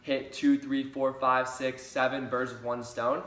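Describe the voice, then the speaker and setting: A man's voice: medium pitch, flat delivery, a little slow, a bit bright. Upbeat man teaching in a roomy space. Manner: upbeat, repeats key phrases. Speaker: sales trainer. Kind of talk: training talk. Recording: roomy echo.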